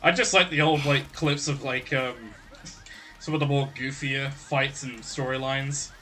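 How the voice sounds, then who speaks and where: A man's voice: medium pitch, fairly even intonation, measured pace, sharp tone, a little hiss or hum. A man chatting casually on a podcast, joking around and swearing a lot. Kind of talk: casual chat.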